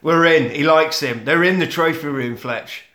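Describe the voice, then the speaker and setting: A man co-hosting a comedy podcast, recapping a film with crude, animated storytelling. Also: a little high, normal speed, a crowd in the background. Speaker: podcast co-host. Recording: roomy echo.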